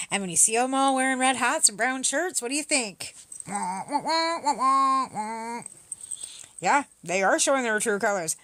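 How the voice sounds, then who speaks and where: Her high, fairly bright voice is recorded with no room sound as she argues with her livestream commenters. The Canadian host answers their comments in a combative, mocking way, with plenty of profanity.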